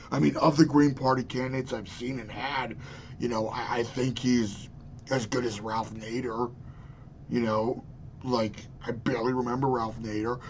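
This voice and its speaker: A man's voice: mid-range voice, fairly even intonation, normal speed, dull audio, a little hiss or hum. A man in his twenties ranting angrily and profanely about politics into his webcam. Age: 20s. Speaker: vlogger. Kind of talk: political rant.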